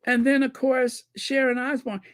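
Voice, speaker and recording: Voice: sits high, level tone, moderate pace, no room sound. A channel host giving commentary on viewer comments, emphatic and repeating key points for effect.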